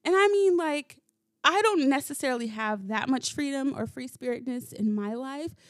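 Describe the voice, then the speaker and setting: A woman hosting a solo podcast, telling stories in a casual, animated way, swearing freely and laughing as she goes. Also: high-pitched, no room sound, clean studio sound. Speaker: podcast host. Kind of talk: casual solo storytelling monologue.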